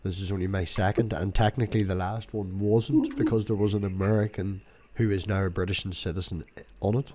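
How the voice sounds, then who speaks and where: A man's voice: sits low, steady tone, fairly quick, warm tone. A man from the UK hosting a casual online hangout in an easygoing, matter-of-fact way. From United Kingdom. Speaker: host of the hangout. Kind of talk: casual chat.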